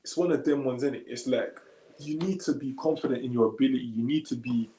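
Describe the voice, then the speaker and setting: A man, a little tired, chatting casually on a live stream and reading comments aloud in relaxed slangy talk. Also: mid-range voice, fast, roomy sound, slight background noise, poor audio. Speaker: streamer answering chat.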